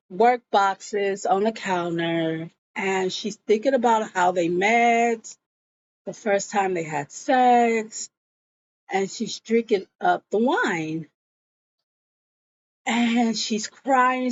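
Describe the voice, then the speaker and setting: A woman's voice: mid-range voice, no room sound. A woman vlogger casually recapping a TV episode, telling it as a story and slipping into the characters' lines. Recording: dull lo-fi audio.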